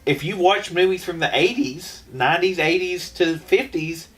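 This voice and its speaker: A man's voice: high-pitched, normal speed, a bit bright, distant mic. A man co-hosting a podcast in casual chat, rambling with frequent restarts. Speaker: podcast co-host.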